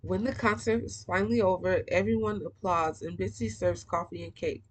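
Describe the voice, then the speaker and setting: A woman's voice: on the low side, steady tone, normal speed, breathy edge, rough recording. A woman reading a young-adult novel aloud, breaking off for casual, slangy comments. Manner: casual slangy asides between passages. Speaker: book reader.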